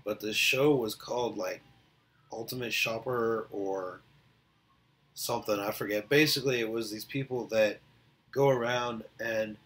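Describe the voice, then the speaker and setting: A man's voice: lowish voice, steady tone, measured pace, a bit bright. A middle-aged man, chatting casually on his own and telling a story, rambling with many fillers and restarts. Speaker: vlogger. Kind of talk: casual solo chat.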